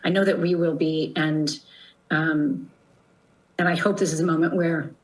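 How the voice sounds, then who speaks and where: A woman executive speaking on a call, halting and hesitant with frequent pauses and restarts. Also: sits low, fairly even intonation. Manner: halting, many fillers and restarts. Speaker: company executive. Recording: roomy call audio.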